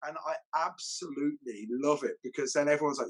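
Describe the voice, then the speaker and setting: Husky animated martial arts instructor. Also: male voice, on the high side, quick pace, low-quality recording. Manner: animated storyteller, acts out quotes. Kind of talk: casual chat.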